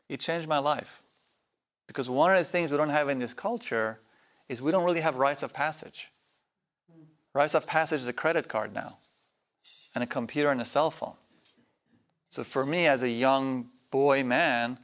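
In a workshop hall, a male teacher runs a spiritual workshop in a loose, casual way, swearing freely and doing voices as he tells stories. His voice is mid-range, fairly quick and fairly bright in tone.

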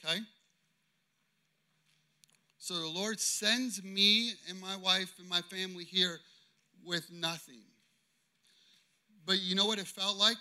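A man preaching a sermon as pastor, impassioned and swinging between loud declarations and hushed storytelling. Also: high-pitched, fairly even intonation, slow pace, long pauses.

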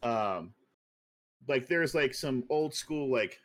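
List: man, mid-pitched, podcast co-host, casual chat, rambling, filler-heavy, laughs often. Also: expressive, slow pace, a bit bright.

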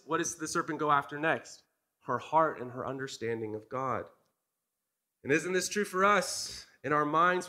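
A man's voice: on the high side, sharp tone. A man in his thirties giving a sermon in a conversational, earnest way, often asking the congregation questions. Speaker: part-time preacher.

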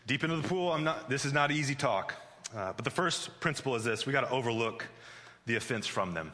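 Preaching with a sharp, mid-range voice, this pastor speaks a little fast and with plenty of animation. The sermon comes out conversational and jokey, his sentences often starting over and sprinkled with "like," all in a long, reverberant hall.

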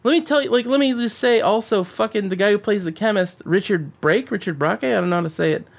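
A man co-hosting a podcast, chatting casually and excitedly about a movie, swearing and rambling with many restarts. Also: sits high, fast talker, gravelly. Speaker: podcast co-host.

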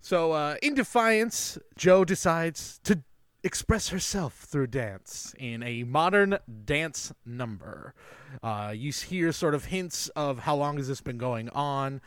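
A man's voice: fairly high pitch, expressive, takes it slowly, a bit bright, smooth, no room sound, studio quality. A man co-hosting a casual film podcast, recapping the plot and laughing often. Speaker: podcast co-host.

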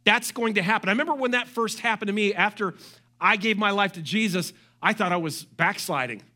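A middle-aged man preaching a sermon as pastor, animated, with joking asides and quoted voices. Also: high voice, a little fast.

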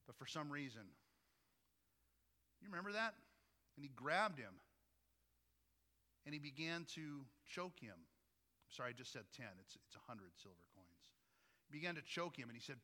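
A man's voice: medium pitch, expressive, normal speed, long pauses, pushed and bright, long reverb tail. A man preaching a sermon as pastor, talking to the congregation in a conversational way and often asking them questions. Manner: conversational, asks listeners frequent questions.

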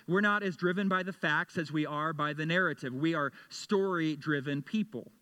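A middle-aged man preaches with earnest conviction, his voice a little high and bright. He often stumbles over and repeats words as he presses a point home to the congregation. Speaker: pastor. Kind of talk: sermon.

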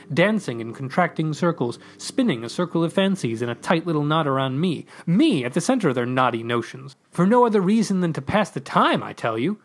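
A man's voice: fairly high pitch, slight background noise. A man hosting a podcast, reading a comic story aloud in a theatrical, pompous first-person voice.

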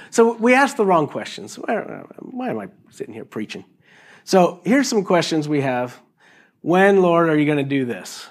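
A middle-aged man preaching a sermon in an animated, jokey way, acting out little voices as he goes. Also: fairly high pitch. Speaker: pastor.

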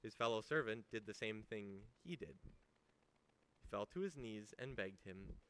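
Bright-voiced man preaching conversationally. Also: on the low side, animated, a little slow. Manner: conversational, emphatic, rhetorical questions. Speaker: pastor. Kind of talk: sermon.

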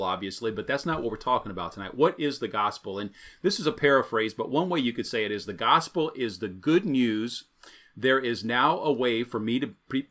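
A man's voice: fairly low pitch, fairly bright tone. A man, a pastor, preaching an evening sermon in a conversational, storytelling way, repeating his key phrases.

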